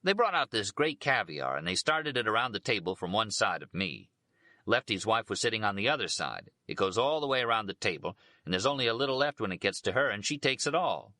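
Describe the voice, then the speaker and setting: A man voicing a brash, crude male ballplayer who tells loud, blunt stories in a raised voice. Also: lowish voice, big pitch swings, a little fast, no echo. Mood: boisterous.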